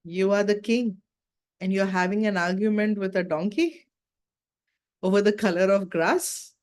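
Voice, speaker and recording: A woman doing a wise, calm old elephant. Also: mid-range voice, a little slow, lightly acted. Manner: calm, gently reproving.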